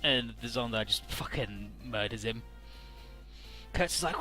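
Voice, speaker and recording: A man's voice: medium pitch, animated, normal speed, sharp tone, faint music behind. A man giving casual, profane commentary on a game, paraphrasing the characters in goofy voices. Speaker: let's play commentator.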